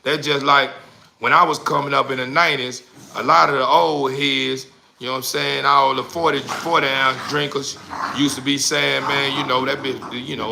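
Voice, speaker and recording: Gravelly-voiced man ranting to his chat. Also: on the high side, steady tone, normal speed, sharp tone, a little hiss or hum. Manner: rambling, repeats the same questions, crude slang. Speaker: livestreamer. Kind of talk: profane ranting to a live chat.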